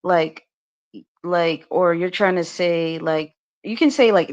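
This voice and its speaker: An American woman co-hosts a podcast in a fairly low, darkish voice, speaking slowly over dull-sounding audio. She's talkative and casual, laughing often, restarting sentences, and filling them with "like."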